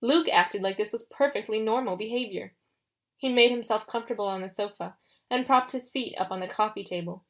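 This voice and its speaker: A woman narrating a fantasy audiobook in steady first-person storytelling. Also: mid-range voice, fairly quick.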